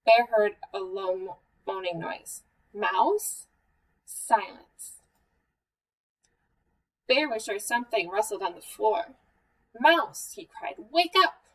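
A woman hosting a children's story time, reading a picture book aloud in a gentle, measured way. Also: medium pitch. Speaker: museum story time host. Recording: voice a bit far from the mic.

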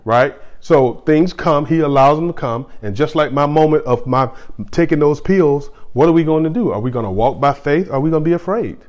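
A man's voice: on the high side, brisk, darkish tone. A middle-aged man, a pastor, giving a sermon in a conversational way, often repeating phrases and restarting.

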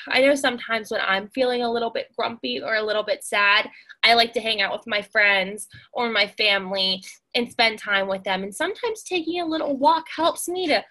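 A young woman teacher speaks to toddlers in a high, gentle voice. She talks slowly and kindly, with a soft sing-song lilt, the way one talks to very small children after a story. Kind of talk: read-aloud for toddlers.

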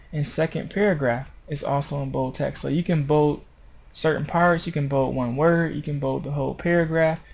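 A man's voice: fairly high pitch, vocal fry, a little mellow. A man narrating a screencast tutorial on web design, explaining step by step in an informal way and correcting himself as he goes.

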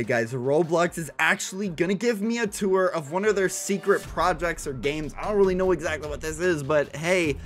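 A young man giving excited, breathless commentary while playing a video game, often repeating himself. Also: a little high, moderate pace, few pauses, faint music behind. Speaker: gaming YouTuber.

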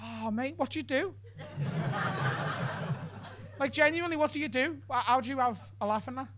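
A man's voice: very high voice, normal speed, noisy background. A man doing stand-up, bantering with the crowd in a cheeky, sweary way on a comedy club stage.

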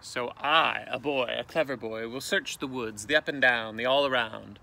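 A male teacher reading a picture book aloud with expressive, dramatic storytelling, outdoors in a canoe. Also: medium pitch, normal speed, vocal fry, slight background noise.

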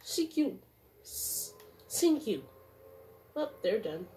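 Hyper gamer girl doing let's play commentary, squeals and yells, voice jumps all over, slow drawn-out talk. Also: a little high, a little hiss or hum. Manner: excitable, yelling taunts and squeals. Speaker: gaming streamer. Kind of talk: casual gameplay commentary.

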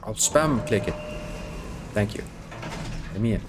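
A man with a fairly low voice narrates his horror game run in excitable let's-play commentary. He swears at monsters, jokes to himself and pleads out loud for healing items. Steady noise runs under the recording. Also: a little slow, long pauses. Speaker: gaming YouTuber.

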